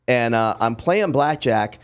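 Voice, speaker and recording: A middle-aged man hosting a podcast, telling a long story in a lively, casual way and acting out the people in it. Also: medium pitch, unhurried, clear, resonant tone. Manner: lively storyteller, acts out quotes, swears freely. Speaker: podcast host.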